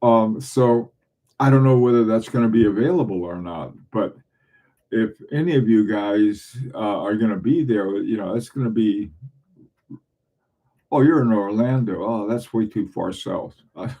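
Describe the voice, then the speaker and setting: A middle-aged man hosts a casual livestream, talking to his viewers in a rambling way, full of restarts and small chuckles. His voice sits low, with a mellow, relaxed tone. He comes from southern New England. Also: a little slow. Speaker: livestream host.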